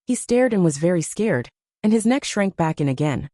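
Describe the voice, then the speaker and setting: A woman narrating a first-person audiobook story in a steady storytelling manner. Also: fairly low pitch, moderate pace, no room sound, studio quality.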